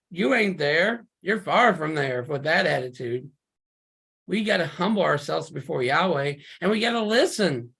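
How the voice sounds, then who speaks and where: A man's voice: a little high, lively intonation, moderate pace, gravelly, slightly rough. Fiery man preaching over a video call. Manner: emphatic, fiery, with rhetorical questions and sudden loud bursts.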